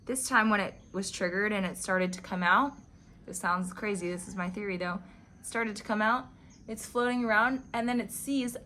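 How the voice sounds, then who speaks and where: A woman vlogger speaks at normal speed in a mid-range voice with a bright, forceful tone, over slight background noise. Her casual, reflective monologue covers spiritual teachings and a personal story, peppered with "like" fillers.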